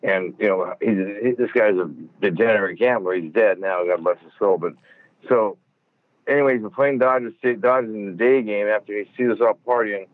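Phoning in from his car, a man guesting on an interview rambles through stories full of fillers and frequent swearing. His voice sits on the low side at a normal speed, and the tinny phone line has no room sound.

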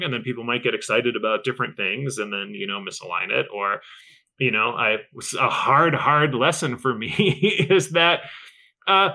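A self-assured, enthusiastic man speaks in a podcast interview. His voice is bright and forceful with a gravelly edge. He talks expressively and warmly about his work. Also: mid-range voice, low-quality recording. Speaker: game studio leader, podcast guest.

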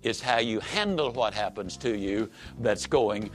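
Lively emphatic motivational speaker man. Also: a little slow, faint music behind. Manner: folksy, emphatic, swoops high and low. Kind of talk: motivational speech.

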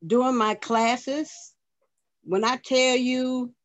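Slow-talking tearful woman giving thanks. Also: medium pitch, steady tone, a little mellow, highs cut off. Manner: tearful, earnest. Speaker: meeting participant. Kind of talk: emotional thank-you speech.

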